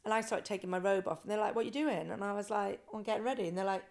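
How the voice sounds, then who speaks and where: Lively woman telling a story. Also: medium pitch, rapid-fire. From Britain. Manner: animated, acts out quoted voices. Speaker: guest, ice swimmer. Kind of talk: casual interview storytelling.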